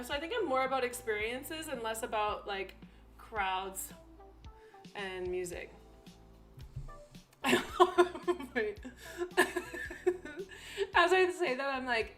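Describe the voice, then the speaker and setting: A woman's voice: on the high side, a bit bright. Chatty, giggly young woman streaming. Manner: chatty and giggly, acts out quoted voices. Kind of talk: casual chat on a live stream.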